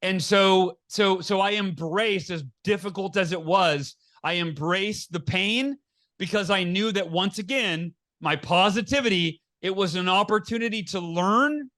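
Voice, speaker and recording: A man's voice: high-pitched, measured pace, bright, forceful tone. A middle-aged man, a podcast guest, telling a personal story with earnest animation, stumbling on restarts and acting out the lines he quotes. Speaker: podcast guest, author and speaker. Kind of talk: candid storytelling in an interview.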